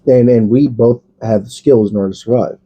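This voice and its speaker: A man's voice: mid-range voice, steady tone, brisk, warm tone, slightly rough. A man co-hosting a podcast, talking in a rambling, profane, laid-back way and laughing often. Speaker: podcast co-host. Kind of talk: casual chat.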